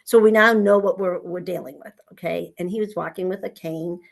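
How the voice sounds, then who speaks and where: Middle-aged New woman, guest, slightly low voice, animated storyteller. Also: brisk, gravelly. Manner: animated storytelling, acting out conversations. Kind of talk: personal story in an interview.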